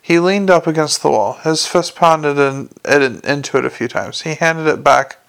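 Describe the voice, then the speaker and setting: Male audiobook narrator, wry, gravelly, slightly high voice. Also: moderate pace, fairly bright tone. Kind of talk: storybook narration.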